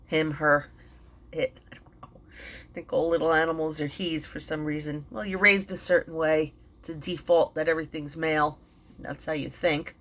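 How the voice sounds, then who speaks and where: A middle-aged woman telling an emotional personal story, halting, with many fillers and restarts, and sounding tearful and shaken. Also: fairly low pitch, fairly bright tone. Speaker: vlogger and mindfulness teacher.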